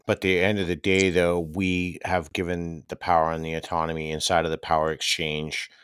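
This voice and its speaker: A man's voice: low voice, flat delivery, moderate pace, a bit bright, smooth, no echo. A man hosting a podcast, talking candidly and emphatically in casual conversation. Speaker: podcast host.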